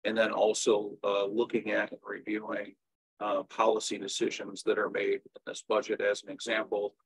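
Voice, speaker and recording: Low, flat-voiced man briefing staff. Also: normal speed, vocal fry, breathy edge, low-quality recording. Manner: steady, frequent "uh" fillers. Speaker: city staff member. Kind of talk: briefing a commission. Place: city meeting room.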